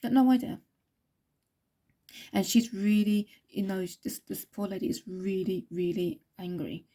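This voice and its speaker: A woman's voice: medium pitch, level tone, normal speed, mellow. A woman psychic reader who talks in long, repetitive runs as she passes on what a spirit tells her. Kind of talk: psychic reading monologue.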